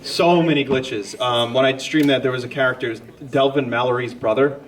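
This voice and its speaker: A man with a steady, medium-pitched voice at normal speed answers audience questions on a comedic convention panel, rambling and poking fun at himself. A distant mic captures him in a large, crowded hall.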